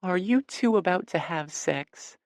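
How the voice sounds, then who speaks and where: Guy doing a chatty bubbly young woman, bright and gossipy, dry close sound. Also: high-pitched, expressive, unhurried, dry recording. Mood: bright teasing.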